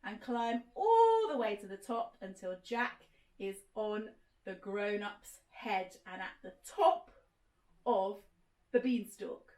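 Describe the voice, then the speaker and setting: A woman telling an interactive children's sensory story, gently encouraging listeners to act it out. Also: medium pitch, expressive, slow, echoey room, low-quality recording. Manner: gentle, encouraging, directs listeners to move along.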